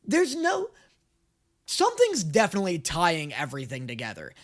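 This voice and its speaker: A young man giving casual, jokey and crude anime reaction commentary, getting excitable. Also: fairly high pitch, normal speed. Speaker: reaction video host.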